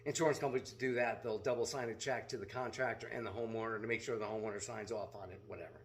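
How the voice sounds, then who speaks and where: A man's voice: lowish voice, fairly even intonation, fast, slight background noise. A middle-aged man telling a story in a blunt, profane, casual vlog rant as a seller of self-defense gear.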